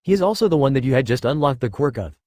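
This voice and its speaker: A calm, patient spirit of a past hero guiding his successor, read by a man. The delivery is quick and even. The sound is dry and close. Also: medium pitch, dry recording, natural voice. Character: calm ancient male spirit mentor.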